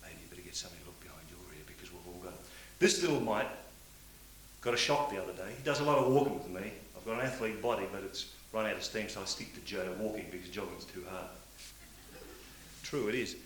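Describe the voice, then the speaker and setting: A middle-aged man giving a motivational speech to a sales audience, swinging between loud preaching and quiet, confiding storytelling. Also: lowish voice, brisk. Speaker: motivational speaker at a sales meeting. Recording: hissy old cassette tape in a roomy hall.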